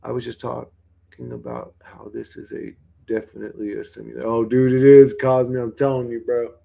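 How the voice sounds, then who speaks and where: A man's voice: mid-range voice, flat delivery, moderate pace, gravelly, warm tone. A man hosting his own livestream, talking to his viewers in a blunt, rambling way that is full of swearing. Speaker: livestream host.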